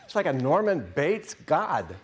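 A middle-aged man preaching a sermon in an animated way, acting out voices. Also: on the high side, unhurried.

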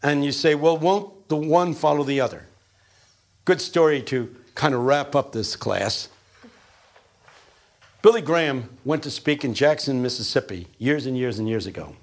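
A man's voice: medium pitch, moderate pace. A man lecturing a class, telling stories and acting out quotes with energy. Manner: animated, storytelling with acted-out quotes.

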